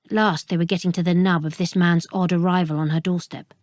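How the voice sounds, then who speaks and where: A woman's voice: lowish voice, flat delivery, brisk, darkish tone, no echo, studio quality. Woman narrating a mystery audiobook. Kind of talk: scripted narration.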